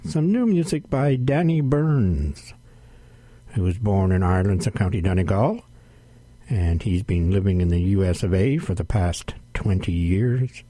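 A man hosting a radio music show from a studio, announcing tracks in an unhurried way with frequent "uh" fillers. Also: deep voice, dark tone, breathy edge, no echo. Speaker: radio host.

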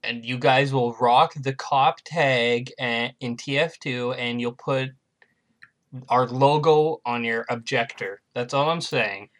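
A man co-hosting a casual podcast, retelling a film's plot in a rambling way with many fillers. His voice is bright and tense. He jokes with his co-host as he goes. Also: medium pitch, fairly even intonation, slow. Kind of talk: casual chat.

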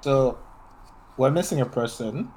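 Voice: medium pitch, a little slow, mellow, soft background music. A podcast co-host in casual chat, teasing and blunt.

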